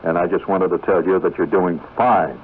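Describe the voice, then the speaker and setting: A man's voice: deep voice, fairly even intonation, normal speed, a little hiss or hum, close to an everyday voice. A man playing a kindly middle-aged station boss, speaking in a fatherly, hesitant way. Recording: tinny lo-fi 1970s radio broadcast.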